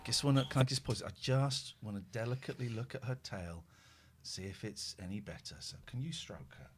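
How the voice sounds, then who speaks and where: A man's voice: medium pitch, fairly quick. A middle-aged man hosting a podcast, telling stories casually and swearing freely. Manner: sweary, animated storyteller; drops to a hushed murmur when tending his pet. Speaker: podcast host. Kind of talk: casual chat.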